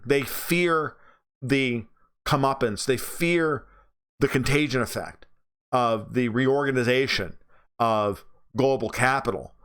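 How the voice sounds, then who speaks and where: A man's voice: medium pitch, fairly bright tone. A man with a New York accent hosting a livestream, talking bluntly and profanely while reading viewer comments. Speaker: livestream host.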